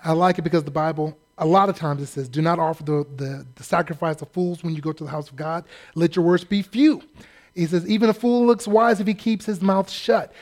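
A male preacher with a notably high voice delivers a sermon. He talks in a lively, animated way and acts out the quotes he tells. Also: brisk.

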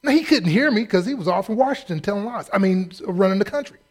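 A man's voice: high voice, animated, quick pace. A man preaching a sermon as pastor, humorous and acting out the voices of the people in his stories. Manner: humorous, acts out quoted voices.

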